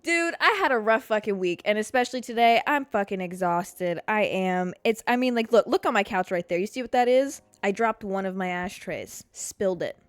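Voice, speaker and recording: A young woman hosting a casual solo podcast from her couch at home, talking in an animated, expressive way and swearing a lot. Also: mid-range voice, moderate pace, hardly any pauses, dry recording. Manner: animated and expressive, heavy swearing, frequent "like" fillers. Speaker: podcast host.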